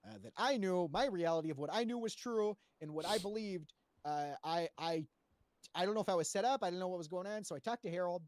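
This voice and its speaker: Guy rambling thru a roleplay story for a panel, lots of uh's and swearing, kinda high voice, dry sound. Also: quick pace, no room sound. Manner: rambling, profane, full of fillers and restarts. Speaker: roleplay player giving testimony to a panel. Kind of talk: casual spoken retelling of roleplay events.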